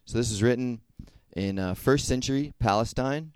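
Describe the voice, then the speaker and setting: A man's voice: medium pitch, normal speed, smooth, no echo. A young man giving a casual sermon to a group, talking conversationally and checking in with frequent questions. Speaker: youth speaker.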